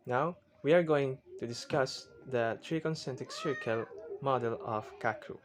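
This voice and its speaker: A man giving a recorded class lecture, reading definitions aloud in a halting, repetitive way. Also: mid-range voice, noisy background. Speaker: student presenter.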